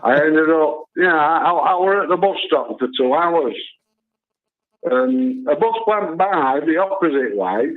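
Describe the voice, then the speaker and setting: A man's voice: a little high, big pitch swings, unhurried. A man calling in to a talk show, telling a rambling story full of "you know" and "and all that". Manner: chatty, lots of filler tags like "you know" and "and all that". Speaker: phone-in caller. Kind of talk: rambling anecdote on a call-in show. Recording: tinny phone line.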